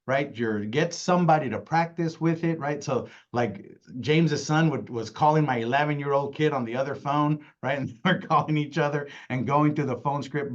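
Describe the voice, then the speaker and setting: Speaking with a medium-pitched voice over dull-sounding audio, a man runs an insurance sales training. His delivery is emphatic, peppered with "right?" to the listeners and repeated "y'all."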